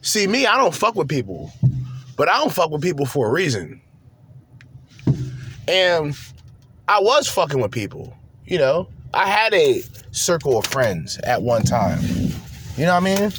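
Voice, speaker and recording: A man's voice: on the high side, sing-song, a little slow, long pauses, noisy background. A man hosting a podcast, ranting bluntly and profanely in slangy talk from his car. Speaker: podcast host.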